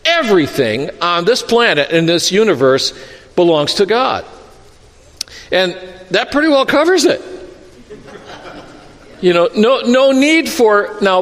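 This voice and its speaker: A man preaching a sermon as pastor, telling a Bible story with lively acted-out quotes and asides. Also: high-pitched, unhurried, pauses often, long reverb tail.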